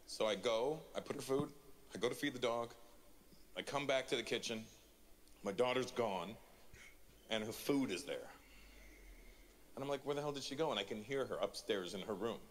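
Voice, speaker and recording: A man's voice: mid-range voice, moderate pace, long pauses, slight background noise. A man in his forties from Canada performing a stand-up comedy routine, telling a story and acting out the quotes. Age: 40s.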